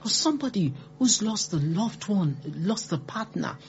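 A woman's voice: medium pitch, lively intonation, moderate pace, slight background noise. A woman giving earnest, emphatic advice on supporting grieving people, repeating key words and acting out quoted remarks. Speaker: speaker on grief support. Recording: dull lo-fi recording.

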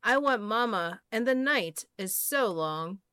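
Woman doing a small scared girl piglet, high and pleading. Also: animated, slow pace, sharp tone, smooth, dry recording, heavily acted. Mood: tearful. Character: scared little girl piglet, weepy then joyful.

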